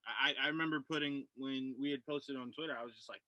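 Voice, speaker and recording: A man's voice: mid-range voice, fast, bright, forceful tone, no echo, rough recording. A man co-hosting a casual podcast film review, enthusiastic and repeating himself as he talks.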